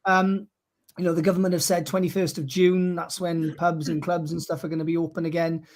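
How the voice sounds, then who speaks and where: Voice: mid-range voice, flat delivery, brisk, a little mellow, a little hiss or hum. A co-host on a podcast livestream, rambling and thinking aloud with lots of ums. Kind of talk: casual livestream chat.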